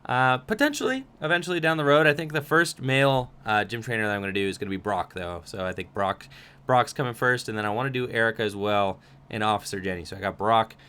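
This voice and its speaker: A young man with a bright, clean-sounding voice runs a relaxed livestream Q&A. He reads questions from chat and answers in a loose, rambling way full of little fillers. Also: lowish voice, fast talker, clean tone. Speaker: streamer answering viewer questions. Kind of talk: casual livestream Q&A.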